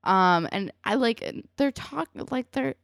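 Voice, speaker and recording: Lively young woman recapping a show. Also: a little high, slow, creaky, no echo, clean studio sound. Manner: animated, acts out characters' lines in quotes. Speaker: podcast co-host. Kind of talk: casual recap chat.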